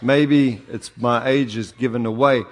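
Older South African male preacher, mid-pitched voice, anecdotal and punchy, echoing hall. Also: fairly even intonation, measured pace. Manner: storytelling with humor, rising to emphatic exhortation. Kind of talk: sermon. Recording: long hall reverb.

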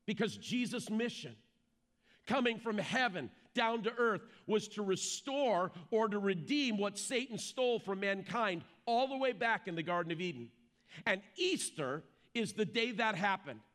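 A man preaching an Easter sermon as pastor, emphatic and slowing down to stress key phrases. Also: high-pitched, lively intonation, fairly bright tone.

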